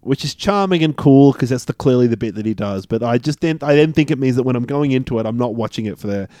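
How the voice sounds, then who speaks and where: A man's voice: medium pitch, lively intonation, fast, mellow, no room sound, clean studio sound. A man co-hosting a film podcast in casual chat, enthusiastic and easygoing. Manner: enthusiastic, easygoing, backchannels a lot. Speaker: podcast co-host.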